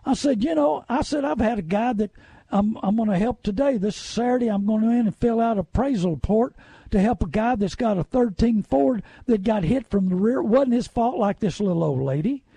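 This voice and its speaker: A middle-aged radio host with a drawl rants in a folksy, indignant, opinionated way. His high-sitting voice sounds dark and husky with a gravelly edge, delivered briskly with lively intonation. The recording is dry and close.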